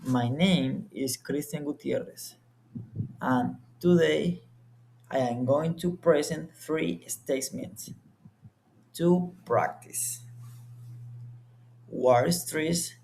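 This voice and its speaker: Slow, careful young man with gravelly voice. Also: a little high, a little mellow, a little hiss or hum. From Colombia. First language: Spanish. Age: young adult. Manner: deliberate, word-by-word delivery. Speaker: student presenter. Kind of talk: slow, careful class presentation.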